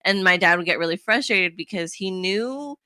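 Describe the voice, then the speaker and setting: A woman's voice: medium pitch, animated, normal speed, bright, forceful tone, smooth, dry recording. A woman co-hosting a podcast, chatting casually and telling stories with frequent laughs. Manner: chatty, laughs often, storytelling. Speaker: podcast co-host; youth soccer coach. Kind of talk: casual chat.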